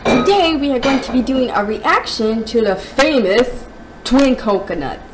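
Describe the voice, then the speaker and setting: A woman's voice: fairly high pitch, expressive, a little slow, soft background music, rough recording. A woman hosting a reaction video with a chatty, upbeat intro.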